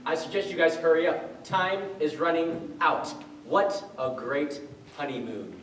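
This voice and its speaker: A man's voice: a little high, animated, unhurried, fairly bright tone, slight background noise. A young man playing a smug scheming officer. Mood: smug, commanding. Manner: smug, commanding, sarcastic. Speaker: stage actor. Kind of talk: school stage play. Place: school theatre stage. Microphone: far room microphone. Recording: echoey stage recording from far off.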